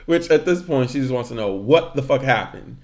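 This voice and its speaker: A man's voice: mid-range voice, brisk. A man casually chatting as podcast co-host, retelling a story and acting out the people in it, swearing freely. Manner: animated storyteller, acts out quotes, swears freely.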